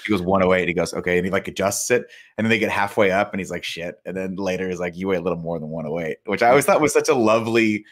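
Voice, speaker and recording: A man co-hosting a podcast who swears excitedly and quotes a film scene he loves in casual chat. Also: deep voice, fast, hardly any pauses. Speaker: podcast co-host.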